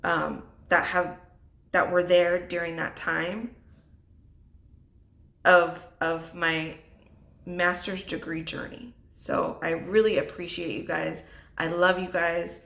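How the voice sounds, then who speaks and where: A woman vlogger giving a heartfelt, emotional talk to camera, halting and earnest, with many restarts. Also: on the low side, level tone, creaky, fairly bright tone. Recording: echoey room.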